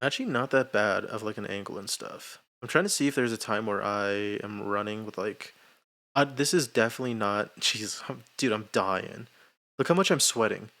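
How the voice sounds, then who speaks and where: A man's voice: fairly low pitch, moderate pace, fairly bright tone. Self-mocking young man streaming. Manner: rambling, self-mocking, laughs often. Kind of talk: casual livestream chat.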